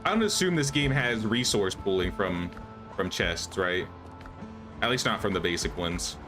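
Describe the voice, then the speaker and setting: A young man's lowish, expressive voice comes at a moderate pace over background music. Streaming a survival game, he chats casually as he plays, thinking out loud and restarting frequently.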